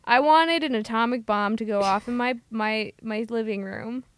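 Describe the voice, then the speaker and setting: A woman co-hosting a casual movie review podcast, ranting with sarcastic bursts. Her voice sits fairly high. The sound is dry and close, with no room around it. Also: normal speed, a bit bright, clear, resonant tone, no echo. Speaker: podcast co-host.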